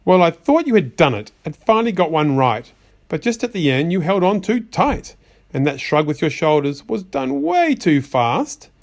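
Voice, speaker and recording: A man's voice: on the high side, big pitch swings, moderate pace, vocal fry. A man voicing a fussy magician's white rabbit that scolds a child in rhyme, exasperated and sing-song. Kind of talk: rhyming storybook reading.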